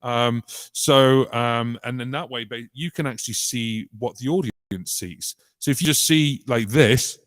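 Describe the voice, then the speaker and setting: Slightly slow and a bit bright, this medium-pitched British loop musician hosts a casual looping tutorial on a live stream, chatting in a rambling way full of ums and restarts. The sound has no echo and runs from a vocal mic through a vocal effects unit.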